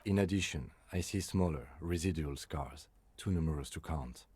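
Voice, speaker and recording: An actor voicing a calm, methodical male police lieutenant in a game, speaking in a dry, clinical, composed way. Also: very deep voice, moderate pace, husky, no echo. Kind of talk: game voice acting.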